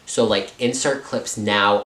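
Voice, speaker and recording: A young man vlogging a storytime, animated and full of fillers, often jumping up into high voices. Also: takes it slowly, echoey room, slight background noise. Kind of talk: storytime vlog.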